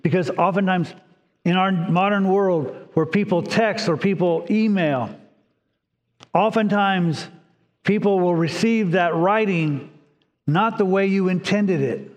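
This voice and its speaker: A male pastor delivering a sermon with earnest, gentle storytelling. His voice sits a little higher than most men's, and it rings out with a long hall reverb. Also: takes it slowly, highs cut off.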